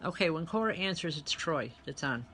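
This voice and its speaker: A woman's voice: low voice, animated, a little fast, a bit bright, slight background noise. A woman reverend working as a medium, giving a live online spiritual reading and talking chattily to viewers as she relays spirit messages.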